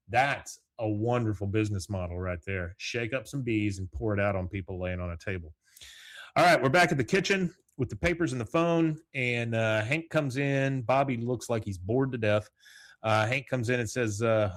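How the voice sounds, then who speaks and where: A man with a fairly low voice hosts a solo podcast, talking casually through an episode. He acts out the characters' lines in animated bursts and laughs along the way. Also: normal speed. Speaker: podcast host.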